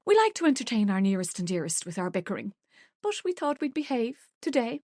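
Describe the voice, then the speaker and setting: A woman voicing a playful young woman who teases her sister, giggly and quick-witted, in an audiobook. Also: on the high side, sing-song, darkish tone, no room sound, studio quality, pitched above the performer's own voice. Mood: teasing. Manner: giggly and teasing.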